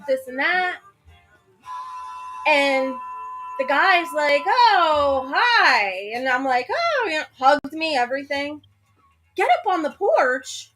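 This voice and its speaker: High, lively woman telling a story. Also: unhurried, faint music behind, low-quality recording. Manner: excitable, acts out quotes, laughs often. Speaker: friend telling a story on a livestream. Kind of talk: casual group chat, animated storytelling. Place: outdoor gazebo by a grill.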